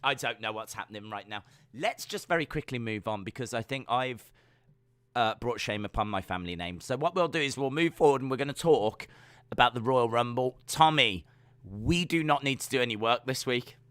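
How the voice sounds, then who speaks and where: A man co-hosting a wrestling podcast, chatting casually in a quick, joking, self-deprecating way. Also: mid-range voice, animated, fairly bright tone, smooth, no echo. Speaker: podcast co-host.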